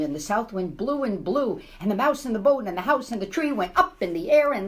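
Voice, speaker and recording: Woman, middle-aged, news anchor, storybook reading, expressive, wide pitch. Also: brisk, few pauses. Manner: animated and expressive. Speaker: TV news anchor as guest reader. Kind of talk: reading a children's book aloud.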